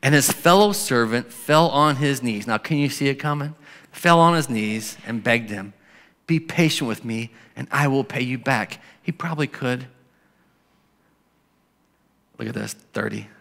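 A male pastor preaching a sermon in a conversational way, slowing and softening when he reads scripture. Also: mid-range voice, gravelly. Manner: conversational preaching, drops to soft slow scripture reading. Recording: long hall reverb.

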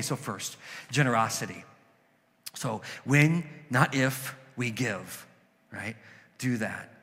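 A man's voice: medium pitch, fairly bright tone, long reverb tail. A man preaching a conversational sermon as a pastor, telling stories and acting out quoted voices.

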